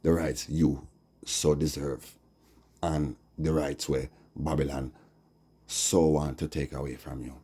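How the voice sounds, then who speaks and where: A man with a Jamaican accent preaching slowly on a live stream, dropping "see?" and "yeah?" between his lines. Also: extremely low pitch, level tone, warm tone, slightly rough. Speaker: Rastafari livestreamer. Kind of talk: rambling livestream preaching.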